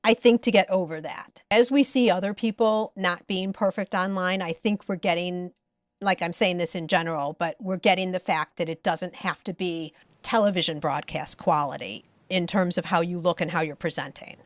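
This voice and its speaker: A woman's voice: fairly low pitch, fairly even intonation, normal speed, no echo, clean studio sound. Woman host asking encouraging questions. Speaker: podcast host. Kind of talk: podcast interview.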